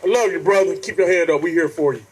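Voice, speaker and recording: A man's voice: a little high, fast, heavy background noise. A man speaking to an outdoor protest rally, earnest and preacherly, repeatedly calling out to the crowd. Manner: earnest, preacherly, keeps addressing the crowd directly. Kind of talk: impassioned protest speech.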